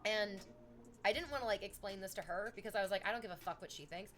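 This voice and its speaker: A young woman streams and chats with her audience in a loose, animated way, swearing freely as she tells stories. Her voice sits in a middle pitch. Faint music plays behind her. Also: fast. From Canada. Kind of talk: casual chat with live chat.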